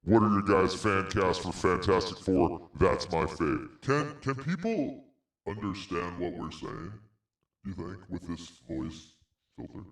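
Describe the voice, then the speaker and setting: A man's voice: animated, measured pace, reverberant, distant mic. A man co-hosting a casual livestream, speaking through a voice changer filter and joking while reading chat. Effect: deep voice changer filter. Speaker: podcast co-host.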